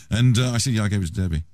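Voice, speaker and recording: A man's voice: fairly low pitch, fast, a little mellow, dry recording. A man hosting a radio show, chatting casually and trading cheeky jokes with his guest. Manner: joking, teasing, cheeky. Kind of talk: casual on-air banter.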